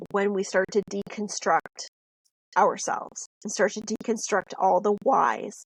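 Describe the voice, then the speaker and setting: A woman's voice: mid-range voice, vocal fry, slightly rough, dry recording, low-quality recording. Earnest woman with a dry voice. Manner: earnest, reflective. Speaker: podcast co-host, mentor. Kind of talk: motivational talk.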